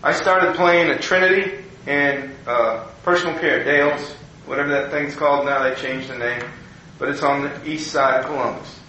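Older pastor telling a story in an echoey room. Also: male voice, a little high, moderate pace, slight background noise. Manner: folksy, animated storyteller, acting out quoted people. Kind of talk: personal story told to an audience. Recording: very echoey room, faint ambience.

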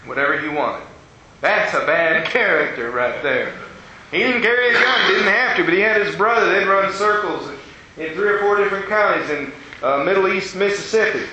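A man's voice: sits high, animated, normal speed, sharp tone, slight background noise. A man preaching a sermon, telling a story in a folksy way and acting out the voices of the people in it. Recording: dull, echoey hall with faint ambience.

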